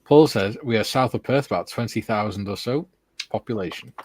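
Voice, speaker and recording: A man's voice: fairly low pitch, fairly quick, darkish tone, breathy edge, dry recording. A man hosting a casual live stream, reading out chat messages with laughs and the odd swear word.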